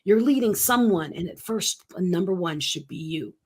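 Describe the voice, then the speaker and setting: A woman in her fifties, a speaking coach giving an energetic, emphatic motivational interview and acting out quotes. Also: lowish voice, moderate pace, breathy edge. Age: 50s.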